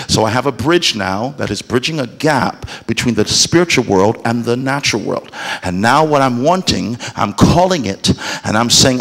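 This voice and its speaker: A man's voice: medium pitch, normal speed, creaky. Man preaching an emphatic sermon. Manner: emphatic, rising to shouts and exclamations; acts out quoted voices of God and churchgoers. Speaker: pastor. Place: church.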